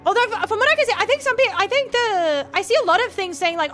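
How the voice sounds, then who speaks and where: Australian woman, high voice, bright tone, rambling casual stream chat, halting restarts, casual swearing. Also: expressive, faint music behind. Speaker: VTuber streamer.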